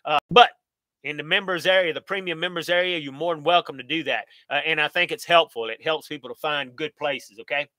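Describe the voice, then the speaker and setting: A man's voice: a little high, brisk, sharp tone, no room sound. A middle-aged American man, hosting a live Q&A stream in a folksy, upbeat way, talking straight to his viewers. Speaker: channel host.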